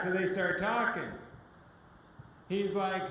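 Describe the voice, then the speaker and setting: A man speaking as a guest speaker, telling his personal testimony to an audience as an animated storyteller who acts out the dialogue. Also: sits high, normal speed, slight background noise. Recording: echoey hall with long reverb.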